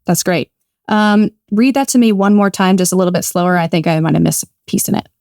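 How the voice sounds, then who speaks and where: A woman's voice: fairly low pitch, fast, creaky, a little mellow. A woman interviewing guests in a casual, upbeat and encouraging way, laughing often. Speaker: interviewer, association founder.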